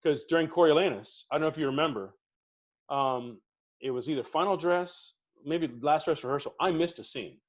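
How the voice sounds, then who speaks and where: A middle-aged man with a slightly high voice, talking at a moderate pace, shares lively theatre anecdotes while being interviewed. He co-hosts a podcast and imitates the people in his stories.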